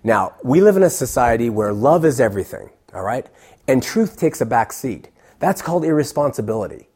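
A man's voice: medium pitch, very animated, fairly quick, a little mellow, slightly rough. A middle-aged man who hosts a call-in show, talking bluntly and emphatically as an interview guest. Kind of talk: casual interview talk.

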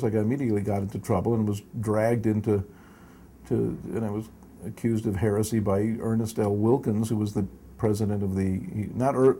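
A man's voice: mid-range voice, dark tone, husky. An older man telling stories from his past in a long interview, rambling and correcting himself, chuckling as he goes. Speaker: interview guest.

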